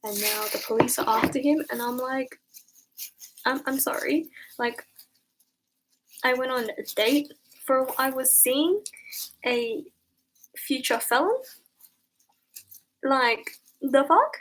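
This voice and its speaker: A young woman streaming from home, telling a casual story with lively, swear-laced slang and acted-out quotes. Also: high-pitched, measured pace, long pauses, husky, poor audio. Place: home room at night.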